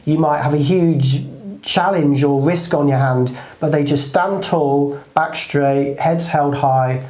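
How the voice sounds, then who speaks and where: Lively man with a roomy echo. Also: fairly high pitch, slow pace. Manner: animated storyteller, puts on voices. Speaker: co-host. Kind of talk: casual motivational chat.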